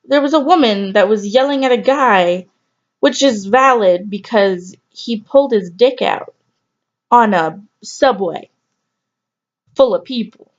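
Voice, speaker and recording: A woman's voice: fairly high pitch, measured pace. Candid, rambling woman vlogger. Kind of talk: casual storytelling to camera. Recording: slightly dull lo-fi audio.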